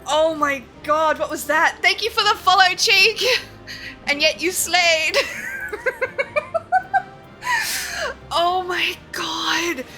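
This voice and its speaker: A woman game streamer talking to her viewers with a high, bright voice. She is excitable, swears freely and laughs often, and faint music plays softly under her talk. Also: a little slow, low-quality recording. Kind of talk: live-stream chat while gaming.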